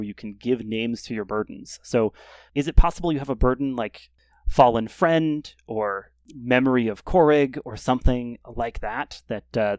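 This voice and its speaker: A man running a tabletop game as game master, setting scenes in a descriptive, measured way. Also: medium pitch, dry recording.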